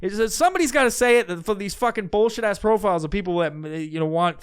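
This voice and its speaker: A man's voice: high voice, lively intonation, quick pace, smooth. A man hosting a podcast, delivering a crude, mocking rant full of swearing. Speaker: podcast host. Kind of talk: profane ranting podcast monologue.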